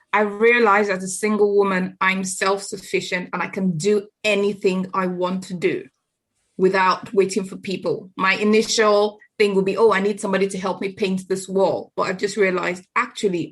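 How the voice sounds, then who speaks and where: A woman's voice: mid-range voice, steady tone, normal speed. A woman, co-hosting a podcast, chatty and teasing in a casual group talk. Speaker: podcast co-host.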